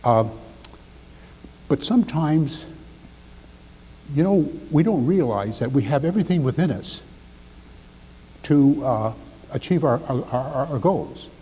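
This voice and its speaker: An older man giving a seminar talk, animated and acting out the lines he quotes. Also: a little high, slow pace, pauses often, breathy edge, big-room sound, rough recording. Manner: animated, acts out quotes, drops to near whisper for demonstration. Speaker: speaker.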